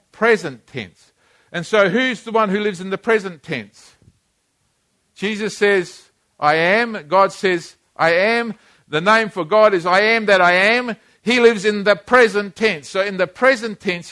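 A male preacher delivering a sermon in church, with a somewhat high voice. He speaks emphatically, repeating key phrases and calling on the congregation to say lines with him. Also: sharp tone. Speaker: pastor.

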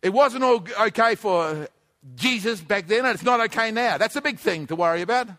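A male preacher delivering an emphatic sermon, repeating phrases and often shouting. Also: high-pitched, expressive, a little fast.

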